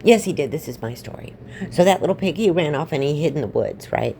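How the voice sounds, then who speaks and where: Woman storyteller, casual comic retelling, rambling and offhand, very low voice, dark tone. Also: expressive, fairly quick, vocal fry, slight background noise. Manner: rambling, offhand, irreverent asides.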